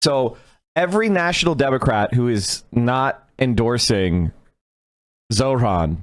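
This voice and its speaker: A man's voice: medium pitch, expressive, slow, dry recording. A man giving blunt, profane political commentary on a livestream.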